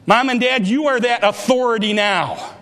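A man preaches in a church, his voice sitting high for a man. His exhortations rise and press hard, and a long hall reverb trails after every phrase. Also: normal speed, fairly bright tone. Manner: emphatic preaching with rising exhortations. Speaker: pastor. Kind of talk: sermon. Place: church sanctuary.

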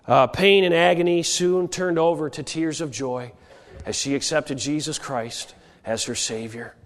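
A man's voice: on the high side, in a large hall. A man with a cold, preaching an earnest missionary sermon with frequent hesitations and rising calls to action. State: has a cold.

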